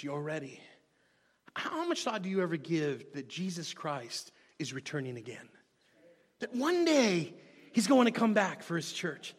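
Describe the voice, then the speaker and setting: A man preaching a sermon as pastor, swinging from hushed, quiet passages to shouted bursts. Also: on the high side, sing-song, unhurried, breathy edge. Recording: long hall reverb.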